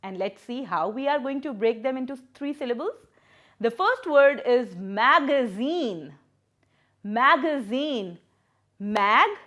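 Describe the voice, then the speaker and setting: Slow, patient woman teacher. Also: high-pitched, lively intonation, a bit bright. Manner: patient, repeats words and splits syllables. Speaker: primary school English teacher. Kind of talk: recorded classroom lesson.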